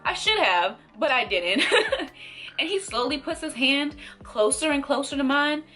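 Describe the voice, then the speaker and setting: Young woman doing a storytime vlog, bright voice, pitch bouncing all over, faint music under it. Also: moderate pace. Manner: animated, acts out quoted voices, laughs between lines. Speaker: vlogger telling a story. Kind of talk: casual storytime monologue. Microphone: camera mic.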